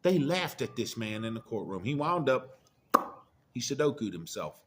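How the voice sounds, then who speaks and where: A man's voice: fairly low pitch, animated, a little fast. A middle-aged man giving a profane, preachy monologue of blunt warnings in casual rant style. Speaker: commentator.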